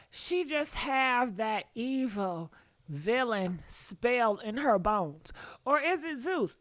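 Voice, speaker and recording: A woman's voice: fairly high pitch, no echo, studio quality. A woman hosting a live gossip show, exclaiming and talking straight to her viewers. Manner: animated, exclamatory, talks to chat directly.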